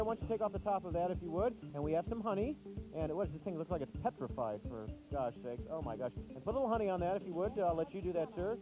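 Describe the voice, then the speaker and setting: A man's voice: high-pitched, low-quality recording. A man hosting a game show in a TV studio with a live audience, chatty and coaxing with contestants.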